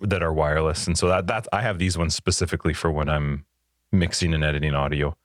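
A man in his thirties with a very deep voice chats in an upbeat, rambling way on a podcast, recorded close and dry on a studio headset. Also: fairly even intonation, fast, no echo. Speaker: podcast co-host. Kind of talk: casual chat.

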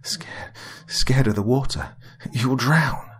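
A man voicing a desperate, pained man who stammers and shouts through clenched teeth. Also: medium pitch, slow pace, breathy edge, pitched above the performer's own voice. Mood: strained. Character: desperate man tormented by pain, breaking down.

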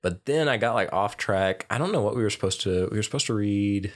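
A young man co-hosting a casual podcast. His voice sits on the low side, and he talks in a loose, rambling way, full of fillers and restarts. He keeps an easygoing tone throughout. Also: animated, fairly quick. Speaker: podcast co-host. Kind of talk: casual chat.

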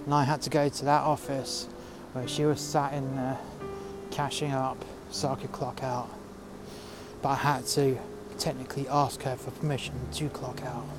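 This man's mid-range voice keeps a level tone and a moderate pace as he casually recounts a workplace dispute, swearing heatedly. He's outside in freezing weather, and music plays beneath him.

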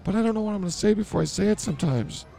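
Guy hosting a silly podcast, blurts stuff out, fry in his voice, kinda dark tone. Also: sits high, lively intonation, very fast, slight background noise. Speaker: podcast host. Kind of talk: improvised comedy podcast banter.

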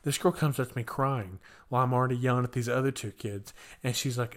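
Talking fast with hardly any pauses, a young man co-hosting a podcast tells a casual story full of filler words. His voice leaps high when he mimics kids shouting, then settles back into its ordinary middle pitch.

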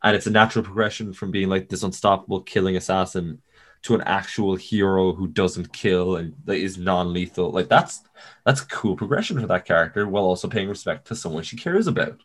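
A man co-hosting a casual podcast about films, rambling and swearing freely, with quick jokey asides. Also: sits low. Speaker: podcast co-host. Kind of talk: casual film chat.

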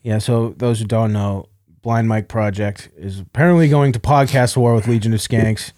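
A man's voice: on the low side, moderate pace, a little mellow, no echo, clean studio sound. A man hosting a podcast, telling stories in casual banter and laughing often. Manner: storytelling, laughs often, crude. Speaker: podcast host.

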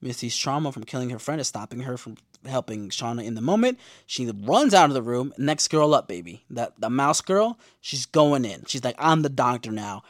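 A man's voice: mid-range voice, moderate pace, few pauses, no room sound, studio quality. Slangy young man recapping a show. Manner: slangy, profane, animated storytelling. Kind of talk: casual TV episode recap.

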